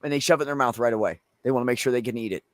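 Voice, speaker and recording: A man's voice: mid-range voice, racing, dry recording. A man from Pennsylvania telling a rambling, profane story in casual chat, acting out the people in it. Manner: loose, profane storytelling with animated quoted voices. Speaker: show co-host.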